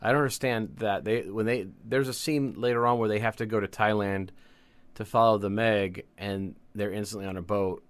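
A man's voice: lowish voice, steady tone, normal speed, clean tone, no room sound. Wisecracking man in his fifties, dry sound. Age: 50s. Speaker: podcast co-host. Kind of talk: casual movie-recap chat.

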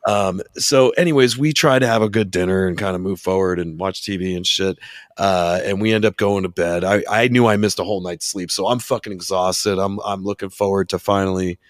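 A man telling a long story in casual chat, swearing often and acting out the people in it with loud voices. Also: deep voice, fairly quick, no room sound, clean studio sound. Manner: profane, animated, acts out quotes loudly. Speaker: podcast guest telling a story.

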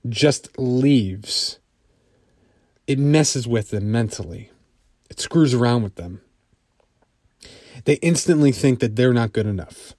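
A man's voice: mid-range voice, a little mellow, no room sound, clean studio sound. A man telling a personal story in a conversational way, full of fillers.

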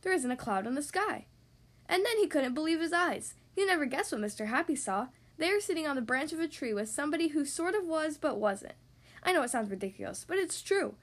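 A woman hosting a podcast who reads picture books aloud to young children, with gentle, expressive storytelling. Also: high-pitched, fairly quick. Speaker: podcast host reading to kids.

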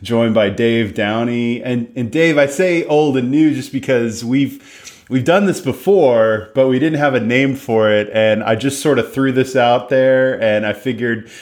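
A man hosting a casual football podcast, wry and quick to laugh. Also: mid-range voice. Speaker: podcast host.

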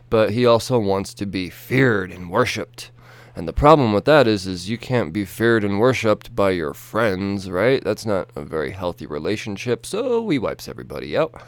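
A man's voice: on the low side, dry recording. A young man casually retelling a story in a rambling, profane way, full of fillers and restarts.

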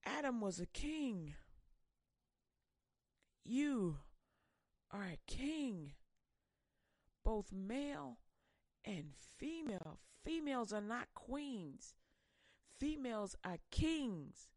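A woman preacher delivering a fiery sermon, swinging between loud pushes and hushed warnings. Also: fairly high pitch, very animated, very slow, long pauses, dry recording.

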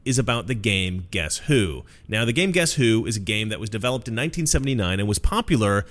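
A man's voice: fairly low pitch, sing-song, fast, fairly bright tone. A man from America in his forties, casually commenting on comedy clips in a chatty, conversational manner. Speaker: video host.

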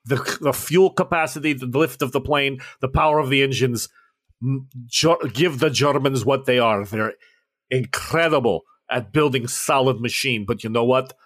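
A man's voice: medium pitch, moderate pace, a bit bright, natural voice. A man voicing a boisterous Russian male officer with a Russian accent, jovial and grandiose.

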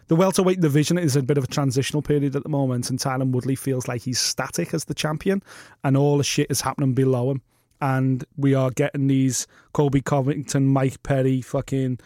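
A man's voice: mid-range voice, warm tone, dry recording, clean studio sound. A man co-hosting a casual fight podcast, blunt and opinionated, swearing freely. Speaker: podcast co-host. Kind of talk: casual sports podcast chat.

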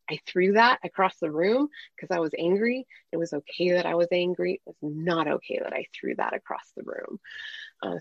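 A woman's voice: fairly low pitch, gravelly, dry recording, lo-fi sound. A woman working as a parenting coach, explaining earnestly in a conversational interview and acting out bits of dialogue.

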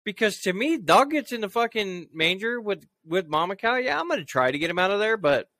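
A man telling a story in casual conversation, swearing freely and acting out his own shouted reactions. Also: high-pitched, fairly quick. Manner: animated, profane storytelling that acts out raised voices. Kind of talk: casual chat.

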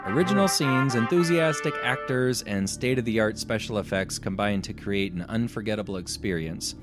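A man's voice: fairly low pitch, normal speed, loud music behind the voice. A man hosting a casual podcast chat, reading haunted house listings aloud and joking about them. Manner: reads aloud, then jokes and laughs. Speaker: podcast host.

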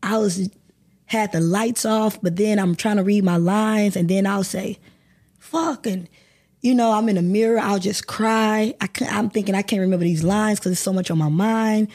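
Candid woman, warm low-key tone. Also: fairly even intonation, moderate pace. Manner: emotional, candid storytelling with swearing. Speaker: guest actor. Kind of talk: candid podcast interview.

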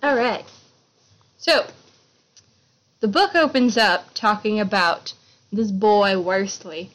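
A woman co-hosting a casual book podcast speaks slowly in a mid-range, slightly bright voice on a low-quality recording. She retells a story playfully, laughs often, and slips into silly voices.

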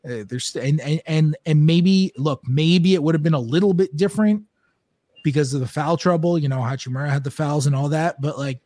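A man giving casual sports analysis with a voice on the higher side for a man, recorded dry and close. He thinks aloud as he talks, stumbling and restarting sentences. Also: fairly quick, warm tone, dry recording. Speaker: podcast panelist.

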